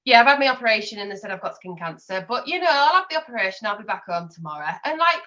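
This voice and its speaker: A woman's voice: on the high side, very animated, very fast, pushed and bright, highs cut off. A woman, a podcast guest chatting openly and telling personal stories. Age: 20s. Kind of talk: casual chat.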